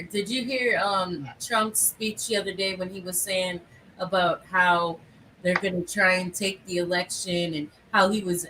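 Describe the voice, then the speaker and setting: A woman's voice: medium pitch, pushed and bright, far from the mic, slight background noise, low-quality recording. A woman in a casual group chat, outspoken and fiery.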